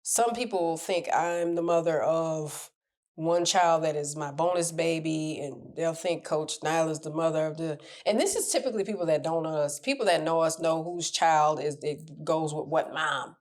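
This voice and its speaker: A middle-aged woman coach talking candidly to camera, animated and laughing as she acts out what people say to her. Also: sits low, moderate pace. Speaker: relationship coach. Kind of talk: casual advice talk to camera.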